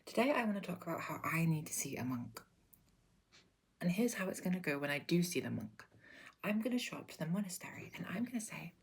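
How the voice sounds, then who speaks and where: A woman telling an absurd deadpan story in a whispered role-play, her breathy whisper slipping between voices. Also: low-pitched, quick pace. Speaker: ASMR creator.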